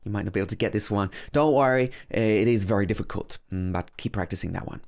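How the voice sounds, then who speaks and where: A man teaching English pronunciation, slowly and carefully repeating each word to demonstrate it. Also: lowish voice, darkish tone. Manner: slow, careful demonstration of words, repeated over and over. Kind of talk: pronunciation lesson.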